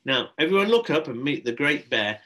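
A man's voice: big pitch swings, a little fast. A man reading aloud, voicing a cheerful, bossy woman astronaut who hosts a children's party. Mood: enthusiastic. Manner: bright, bossy teacherly voice, pitched up. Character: cheerful pink-haired woman astronaut party host, enthusiastic.

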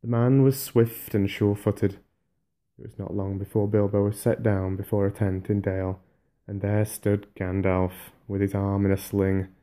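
A man reading an audiobook softly for sleep, in a calm, even way. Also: on the low side, moderate pace. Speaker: audiobook narrator.

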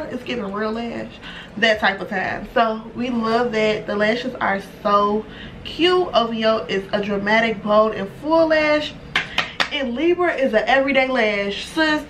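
A young woman chatting excitedly and casually through a makeup unboxing, full of slang and swearing. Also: fairly high pitch. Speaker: beauty vlogger. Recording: distant mic with background noise.

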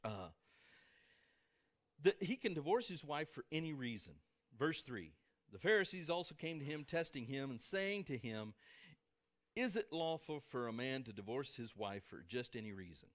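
A man with a Midwestern American accent, preaching a sermon to a congregation in a church, swinging between emphatic peaks and soft asides. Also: mid-range voice, very animated, moderate pace. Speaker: pastor. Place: church sanctuary before a congregation.

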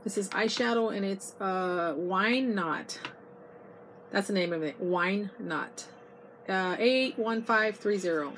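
A middle-aged woman records a chatty haul video inside an RV, gushing over her finds and calling her viewers "you guys." She is losing her voice. The iPod recording carries clear background noise. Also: medium pitch, moderate pace, few pauses. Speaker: vlogger. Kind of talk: casual haul video chat. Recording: noisy home video.

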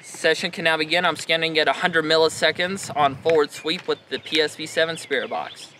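A man, a paranormal investigator vlogging outdoors in a cemetery at dusk, calling out questions to spirits in a loud, clear voice. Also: fairly high pitch, steady tone, a little fast. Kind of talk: vlog, ghost-hunting session. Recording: loud outdoor noise, traffic hum. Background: loud outdoor noise.

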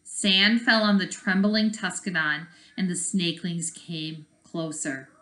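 A woman teacher reading a chapter book aloud and pausing to explain the story. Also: fairly low pitch, fairly even intonation, a bit bright. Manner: explains the story as she reads. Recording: echoey room.

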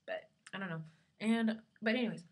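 A woman's voice: mid-range voice, fairly quick. A young woman vlogging casually from her dorm room, rambling along with lots of fillers, her camera resting on her lap. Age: young adult.

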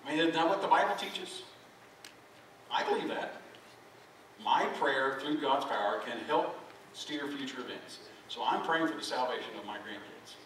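A man's voice: mid-range voice, animated, moderate pace, fairly bright tone. A middle-aged man, a pastor giving a folksy, self-deprecating sermon and joking with his congregation. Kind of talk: conversational sermon. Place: church sanctuary. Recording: very echoey hall, mic from far off, background noise.

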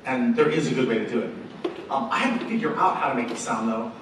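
A man's voice: mid-range voice, very animated, fast. A man leading an a cappella workshop, joking as he teaches and demonstrating vocal sounds. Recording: distant mic in an echoey room with room noise.

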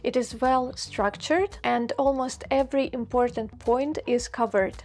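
A young woman with a Russian accent, a native Russian speaker, giving a scripted video lesson in a clear, measured way. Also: high voice, steady tone, darkish tone, soft background music. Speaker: language teacher.

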